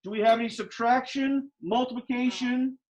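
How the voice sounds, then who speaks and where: Dull, lo-fi classroom audio catches an extremely high-pitched man lecturing on math at a moderate pace with a steady tone. He speaks emphatically, repeats questions to his students, and is slightly out of breath behind a mask.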